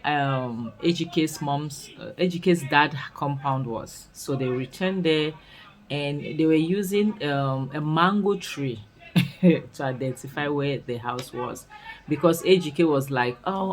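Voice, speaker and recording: A woman with a Nigerian accent recapping a series in casual commentary, expressive and full of scolding rhetorical questions. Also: low-pitched, measured pace, rough recording. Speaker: series reviewer.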